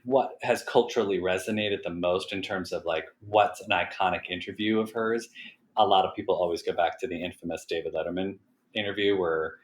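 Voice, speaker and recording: A man's voice: low-pitched, fairly even intonation, brisk. A man co-hosting a podcast, chatting casually and with enthusiasm. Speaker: podcast co-host.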